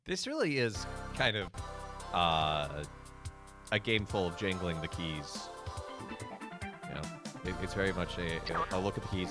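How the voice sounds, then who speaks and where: A man's voice: deep voice, lively intonation, a little slow, long pauses, over loud music. A man, a priest, giving casual, rambling commentary while streaming a video game, with many fillers.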